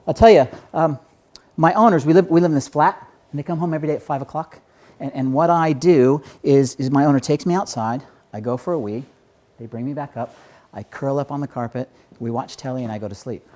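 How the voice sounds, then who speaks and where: A man voicing a male dog who rambles through his story with halting restarts. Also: medium pitch, darkish tone, natural voice. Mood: chatty.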